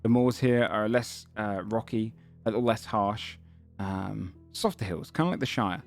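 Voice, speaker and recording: Halting man narrating as game master. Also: on the low side, soft background music. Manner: halting, many ums and self-corrections.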